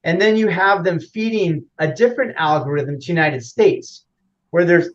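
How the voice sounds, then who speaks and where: A man's voice: high-pitched, normal speed, muffled recording. A man as an interview guest, explaining at length in a rambling casual way with frequent fillers and restarts.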